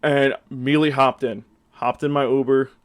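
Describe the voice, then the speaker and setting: A young adult man telling a story in casual vlog style, his voice sitting at an ordinary middle pitch. He rambles, loading his sentences with fillers, and animatedly acts out what he said back then. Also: fairly quick. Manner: rambling, heavy use of fillers; animated, acts out his own past lines. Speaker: storyteller vlogger.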